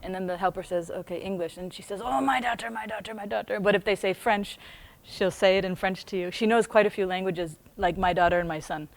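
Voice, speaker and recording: Animated American woman reading her story aloud. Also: on the low side, brisk. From United States. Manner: animated, laughs often, breaks off into chatty tangents. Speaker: book club host reading her own book aloud. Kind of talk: reading aloud with casual asides.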